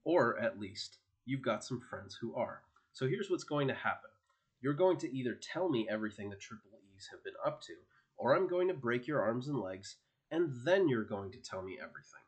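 A man's voice: medium pitch, big pitch swings, normal speed, natural voice. A man reading an audiobook and voicing a fierce teenage superheroine who talks down a thug in a hard, commanding, scornful way. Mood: menacing.

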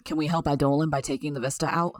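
A woman's voice: low voice, fairly even intonation, quick pace, no echo, close to an everyday voice. A woman voicing a stern young man, an older brother, in a curt, blunt way.

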